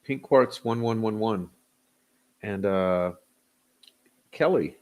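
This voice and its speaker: Slow and low with a darkish tone, this livestream host chats casually. He reads out viewers' names to greet them and drifts along loosely, chuckling and using fillers.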